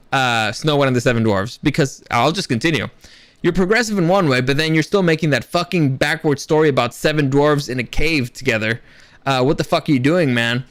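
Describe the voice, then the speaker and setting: Brief: young male commentary host with a high voice, sarcastic and cursing, ranting fast. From Latino background. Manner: animated, profane, sarcastic.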